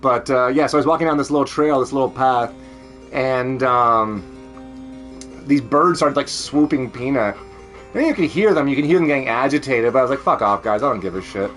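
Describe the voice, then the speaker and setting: Soft music plays behind a man with a Canadian accent as he chats casually on a stream at home. His mid-range voice has a fairly bright tone and a moderate pace, and he rambles, laughs often and swears freely.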